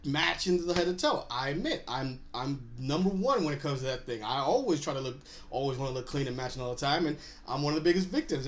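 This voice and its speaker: Male host, 30s, casual recap talk, chatty with frequent laughs. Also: high-pitched. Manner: chatty, laughs often while retelling scenes.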